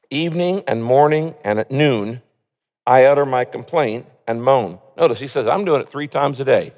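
A man's voice: medium pitch, gravelly, a little mellow. A man preaching a sermon, earnestly reading scripture and pleading prayers aloud with rising emphasis. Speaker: pastor. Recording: long hall reverb.

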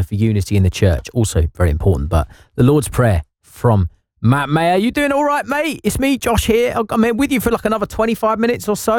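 Effusive radio presenter, lively pitch. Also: male voice, no room sound, studio quality. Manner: warm, effusive, emotional encouragement. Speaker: radio presenter running a charity appeal. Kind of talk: live radio fundraising chat.

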